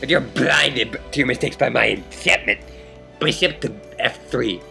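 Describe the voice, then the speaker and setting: A man's voice: mid-range voice, moderate pace, gravelly, bright, forceful tone, faint music behind, full character voice. A man voicing a stubborn male chess player who grumbles and refuses to admit defeat. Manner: grumbling, dismissive.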